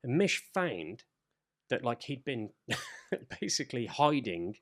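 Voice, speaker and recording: Animated man chatting casually. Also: medium pitch, slow pace. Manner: animated storyteller, swearing, acts out quoted voices. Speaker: podcast co-host. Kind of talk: casual chat.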